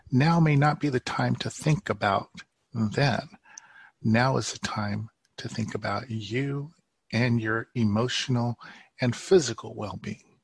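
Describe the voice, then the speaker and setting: A man speaking as a healing therapist guest in an interview, gentle and reassuring, often repeating key phrases. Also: mid-range voice, vocal fry, husky, no room sound. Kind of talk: interview conversation.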